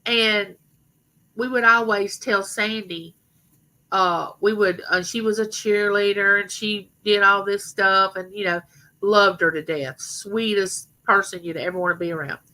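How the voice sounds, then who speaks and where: A middle-aged woman with a rough voice, rambling chattily to her viewers as host of a live stream. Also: medium pitch, steady tone, unhurried, sharp tone, rough recording. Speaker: livestream host. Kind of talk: casual live stream chat.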